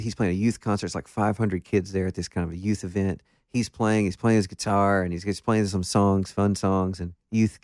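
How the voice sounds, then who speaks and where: Guest, male, deep voice, dry close sound, animated self-deprecating storyteller in a casual interview. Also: no echo. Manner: animated, self-deprecating anecdotes with many restarts. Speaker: guest musician.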